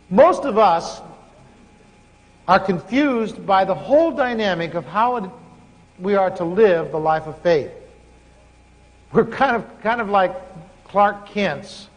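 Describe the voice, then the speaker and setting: A man preaching a sermon in a high, light voice, storytelling with lively shifts as he acts out dialogue. His voice rings with a long reverb, as in a big hall.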